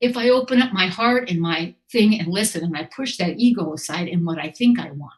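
A woman's voice: lowish voice, animated, brisk. An older woman, a new grandmother, giving a candid, rambling, self-mocking personal share at a recovery meeting, full of fillers and restarts. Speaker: speaker sharing at a recovery meeting.

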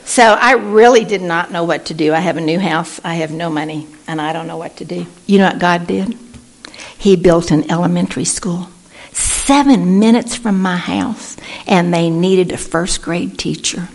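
An older woman gives a personal testimony at a recovery meeting. Her voice is husky and gravelly and sits a little low, and she tells her story earnestly, putting on the voices of the people she quotes. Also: normal speed. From Texas.

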